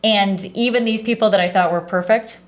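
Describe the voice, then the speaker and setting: A woman's voice: mid-range voice, fairly even intonation, fairly quick, crowd noise. A woman in her forties speaking earnestly and from the heart in a casual interview, often saying "like" and "right". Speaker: charity staff leader.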